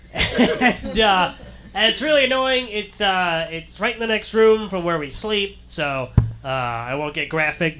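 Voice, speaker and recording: A man with a high, ringing voice does a stand-up set, delivering his stories deadpan while acting out every character he quotes. His tone remains bright and forward the whole way through, with a little background noise.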